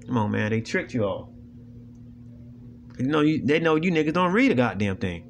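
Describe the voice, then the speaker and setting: A faint hiss or hum sits under a mid-range, sing-song voice moving at normal speed with frequent pauses. The man hosts a video, giving viewers a casual monologue that is blunt, preachy and profane, and often asks "you know what I'm saying".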